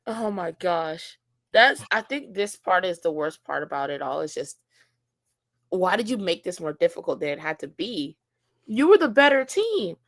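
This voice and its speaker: A woman co-hosting a casual sports podcast, ranting in an animated, exasperated way and swearing freely. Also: on the low side, moderate pace, dry recording. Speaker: podcast co-host.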